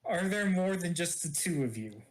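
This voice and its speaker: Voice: medium pitch, lively intonation, moderate pace. A player in a tabletop game, joking and blunt.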